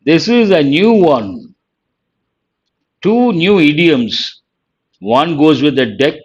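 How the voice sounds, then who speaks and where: A man's voice: on the high side, dull audio. A man teaching a live online vocabulary lesson, reading out words one at a time and praising students by name.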